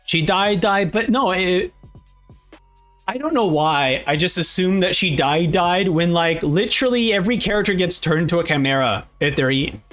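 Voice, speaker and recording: A young man reacting to a manga as he reads it aloud, excitable and exclaiming often. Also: high-pitched, moderate pace, soft background music.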